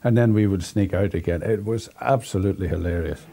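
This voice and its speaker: An older former rugby player telling amused anecdotes in an interview. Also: male voice, sits low, a little fast, dark tone, slight background noise. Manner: amused storytelling, chuckling.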